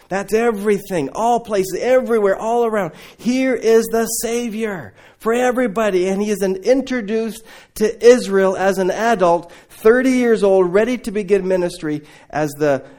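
A man's voice: sits high, a little mellow. A male preacher retelling gospel stories in a sermon, asking questions and repeating key words.

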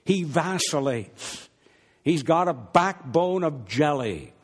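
A man preaching a sermon, reading verses aloud and driving points home with deliberate repetition. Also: a little high, lively intonation, husky, in a large hall. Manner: slow, deliberate Bible exposition with emphatic repetition.

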